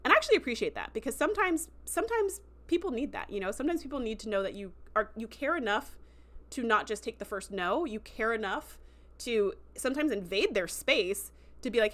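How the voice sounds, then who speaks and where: A fairly high-voiced woman talks through a casual livestream review. She is chatty and enthusiastic, full of fillers and asides. She slips into quick acted-out quotes as she goes. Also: lively intonation, fairly bright tone. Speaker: show host recapping a TV episode.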